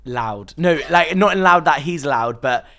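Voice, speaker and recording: A young man with a bright, forceful tone and a fairly high voice chats as a podcast guest. He tells gossipy stories and slips into other people's lines as he goes. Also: lively intonation, unhurried. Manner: gossipy storytelling, acting out housemates' lines. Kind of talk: casual chat.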